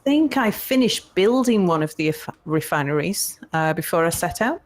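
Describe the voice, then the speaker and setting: A woman's voice: fairly low pitch, expressive. A woman chatting playfully with friends while playing a multiplayer game together. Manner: playful, chatty, quick to laugh along. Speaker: co-player. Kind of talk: casual multiplayer gameplay chat.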